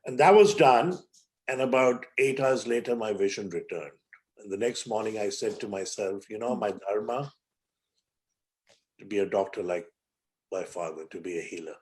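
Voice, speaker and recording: A man in his seventies, from India, a physician telling a personal story at a measured pace in an interview. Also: lowish voice, a little mellow. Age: 70s. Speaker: guest, physician and author.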